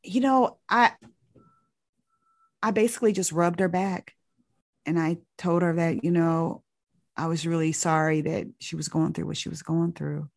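Low woman, earnest storyteller, dry close sound, physician recounting a patient. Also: fairly even intonation, measured pace, pauses often, darkish tone, no echo. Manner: earnest, searching, with many restarts. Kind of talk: reflective storytelling.

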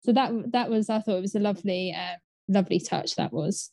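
A woman co-hosting a casual chat, relaxed and newsy with frequent fillers. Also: mid-range voice, brisk, dry recording. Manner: relaxed, newsy, many "um" and "obviously". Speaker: co-host.

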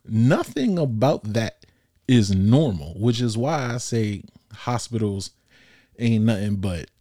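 A man's voice: fairly low pitch, expressive, slow, mellow, dry recording, clean studio sound. A young man hosting a solo podcast, telling a personal story in a casual, blunt, slangy way and laughing often. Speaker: podcast host.

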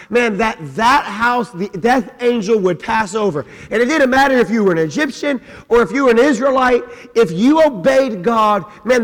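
A male pastor preaching a lively sermon, retelling the story with acted-out voices and a habit of saying "man". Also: very high voice, in a large hall. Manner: storytelling, acting out voices, says "man" often. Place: church sanctuary.

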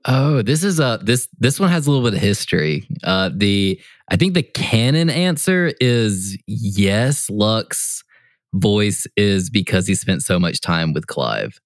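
Deep-ish guy going off on a rambly story, kinda laughs at himself, dry sound. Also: animated, unhurried, dry recording. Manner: rambling, self-deprecating explanations. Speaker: podcast co-host and player. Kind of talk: casual podcast chat.

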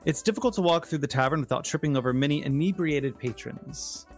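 A game master narrating a tabletop role-playing scene in a calm, descriptive way. Faint music plays behind the voice. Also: mid-range voice, a little fast.

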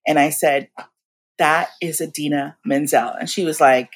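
A woman in her forties, guest in a casual interview, telling stories in an animated, slangy way and acting out what people said. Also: deep voice, normal speed, husky. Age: 40s. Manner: animated, slangy, acts out quotes.

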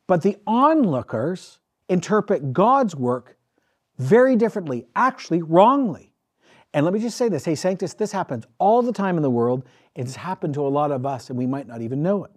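A male pastor preaching a sermon, telling a story with emphatic, animated delivery. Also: on the high side, normal speed, husky.

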